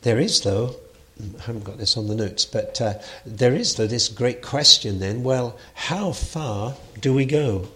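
A man's voice: medium pitch, measured pace, sharp tone. A man giving an unscripted lecture on Bible translation, thoughtful, with frequent fillers and restarts.

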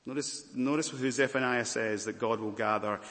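A man preaching a sermon, earnest and expressive, swinging from raised emphasis to quiet softness. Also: mid-range voice, moderate pace. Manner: earnest preaching, rising loud then dropping to soft. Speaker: pastor. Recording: long hall reverb.

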